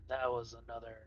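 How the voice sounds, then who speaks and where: A man playing in a tabletop game, calm and practical, on a dull lo-fi mic. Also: medium pitch, vocal fry, no echo. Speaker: player.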